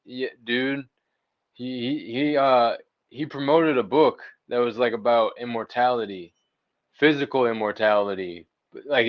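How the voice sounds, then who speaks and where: A man chatting on a livestream panel, laid-back and slangy, searching for his words. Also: medium pitch. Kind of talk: casual livestream panel chat. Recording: dull lo-fi online mic.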